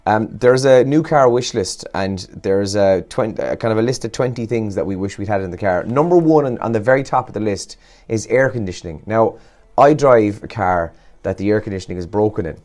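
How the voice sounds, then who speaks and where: Tired, chatty Irish radio host. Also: male voice, fairly low pitch, expressive, brisk, darkish tone. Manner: chatty, rambling and self-deprecating. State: tired, yawning. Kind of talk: casual morning show chat.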